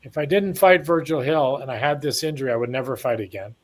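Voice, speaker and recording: A man in his sixties, once a boxer and from Canada, talks fast in a mid-range voice. During a casual interview he spins long, wandering anecdotes and acts out what people said.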